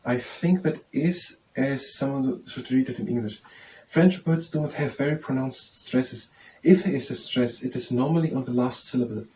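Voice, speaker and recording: A man works through basic French phrases, sounding each one out slowly and repeating it again and again as he thinks aloud. His voice sits at an ordinary middle pitch. He is picked up by a mic set some way off, with a faint hum of noise behind him. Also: a little mellow, far from the mic, low-quality recording. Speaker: language learner teaching himself.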